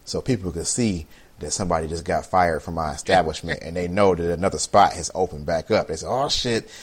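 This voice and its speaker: A man's voice: deep voice, fairly even intonation, fast, breathy edge. A man co-hosting a casual comedy chat, boasting playfully and riffing. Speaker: podcast co-host.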